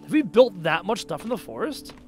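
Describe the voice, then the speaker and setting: A man with a Canadian accent streams a game over music, his high voice swinging widely in pitch as he talks a little fast. He chats sarcastically with viewers and reads out and answers their messages aloud.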